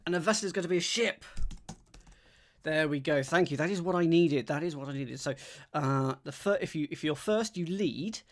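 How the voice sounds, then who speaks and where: Man thinking aloud over clues. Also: fairly high pitch. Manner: thinks aloud, reads clues slowly, chats with viewers. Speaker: streamer solving a crossword. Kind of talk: live-stream crossword solving, casual chat.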